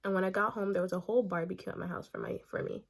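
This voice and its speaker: A young woman vlogger telling a casual story time while doing her makeup, animated and chatty, acting out the quotes. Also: mid-range voice, racing, vocal fry. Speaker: beauty vlogger.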